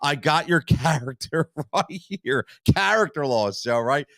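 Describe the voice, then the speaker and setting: A man's voice: on the high side, lively intonation, measured pace, creaky, a bit bright, no room sound. A man hosting a live postgame sports reaction stream, fired-up and blunt, swearing freely and repeating his points. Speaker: sports talk host.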